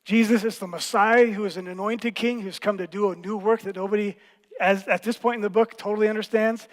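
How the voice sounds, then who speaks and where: A man preaching a sermon as pastor, teaching in a playful, animated way with quick jokes. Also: high-pitched, long reverb tail. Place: church hall.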